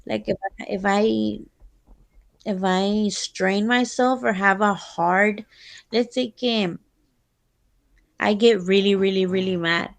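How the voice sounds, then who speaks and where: Latina podcast co-host, slow and kinda gravelly, swears a lot, drops in. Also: female voice, mid-range voice, steady tone. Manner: candid, profane, switches into Spanish. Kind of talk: casual chat.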